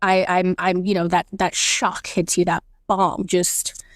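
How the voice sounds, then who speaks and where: A woman's voice: on the low side, little pitch movement, a little slow, dry recording, clean studio sound. A woman guest on a podcast, candidly and emotionally telling a personal story and acting out her own thoughts.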